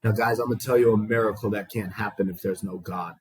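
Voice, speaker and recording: A man's voice: fairly low pitch, fairly even intonation, fast, breathy edge, no echo, poor audio. A man telling his recovery story to a small group, raw and profane, acting out the dialogue he quotes.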